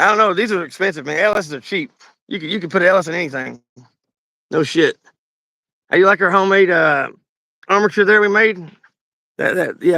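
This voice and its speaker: A high-voiced man with a gravelly edge and a Southern Kentucky drawl shows viewers around his garage. His talk is loose, rambling and full of swearing and jokes. The sound is dry and close. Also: pushed and bright, no echo. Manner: rambling, profane and joking. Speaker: garage channel host. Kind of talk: casual garage walkthrough.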